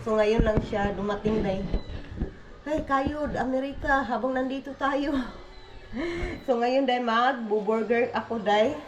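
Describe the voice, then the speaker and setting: Chatty Filipino-accented woman, high voice. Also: measured pace, reverberant, highs cut off, background noise. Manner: chatty, mixes Filipino and English, calls viewers "Day". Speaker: family vlogger. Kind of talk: casual vlog chat to viewers. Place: home.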